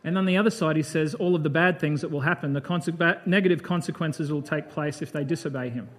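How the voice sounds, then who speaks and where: A man's voice: fairly high pitch, fast talker. A man giving a conversational Bible sermon, breaking off from the reading to comment in a chatty, reflective way. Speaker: preacher.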